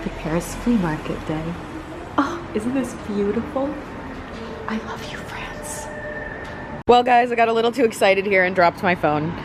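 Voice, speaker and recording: A woman hosting her own shopping vlog, gushing with excitement as she films on her phone at an outdoor flea market, sometimes dropping to a whisper. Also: medium pitch, normal speed, background noise. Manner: gushing, animated, drops into soft whispers. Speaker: vlogger host. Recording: phone audio with loud crowd.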